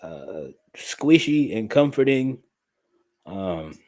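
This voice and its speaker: Male podcast host, lowish voice, blunt and slangy, casual talk full of restarts. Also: big pitch swings, extremely slow, a little mellow. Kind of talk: casual chat.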